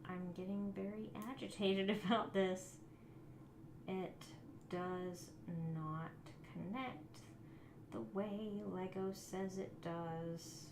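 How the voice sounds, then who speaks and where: A woman hosts a live building stream, talking slowly and half to herself. She often mutters softly while she works. Her voice rings in a roomy space over a faint background hum. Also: mid-range voice, fairly even intonation. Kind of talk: casual live-stream chat.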